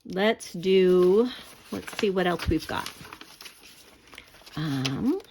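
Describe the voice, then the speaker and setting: A woman's voice: lowish voice, expressive, very slow, darkish tone, a little hiss or hum. A woman teaching an online art class in a casual, conversational way, often checking that the viewer follows. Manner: conversational, explaining with many fillers and checks.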